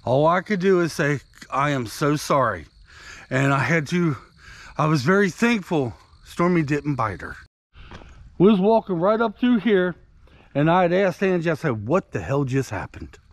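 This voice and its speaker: A man's voice: on the high side, animated, moderate pace, no echo. A man vlogging outdoors on a country walk, telling a rambling, conversational story to his viewers. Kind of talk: casual storytelling while walking.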